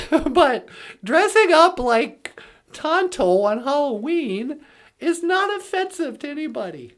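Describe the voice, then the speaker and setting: A woman's voice: sits high, big pitch swings, takes it slowly. A woman delivering a comedic rant in a sarcastic, mocking way, laughing often. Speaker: comedic commentator.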